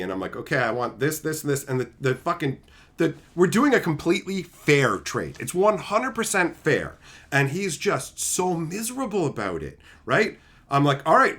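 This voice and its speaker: A man in casual stream chat, swearing freely as he tells stories and plays every part in them. His voice sits a little high and swings widely in pitch. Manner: profane, animated, acts out both sides of anecdotes. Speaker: streamer host.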